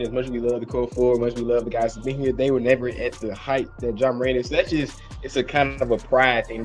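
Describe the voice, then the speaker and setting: A man, co-hosting a casual sports podcast in a playful, rambling way. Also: medium pitch. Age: early 20s. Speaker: podcast co-host. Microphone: home mic, remote call.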